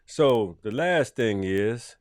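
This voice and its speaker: A middle-aged man from Columbus, Georgia, hosting his podcast with casual shout-outs, loose and profane, jumping into loud bursts and then trailing off. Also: mid-range voice, animated, slow, dry recording, clean studio sound. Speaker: podcast host.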